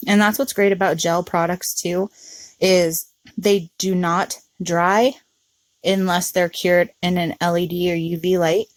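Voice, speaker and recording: Low-voiced woman explaining nail art. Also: no room sound. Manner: relaxed, chatty, with frequent ums. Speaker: nail art tutorial host. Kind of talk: casual step-by-step tutorial narration.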